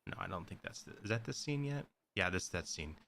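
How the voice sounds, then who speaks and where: A man's voice: low voice, expressive, a little fast, creaky, bright, forceful tone, a little hiss or hum. A man co-hosting a podcast, casually recapping a horror movie with lots of fillers and profanity. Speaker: podcast co-host.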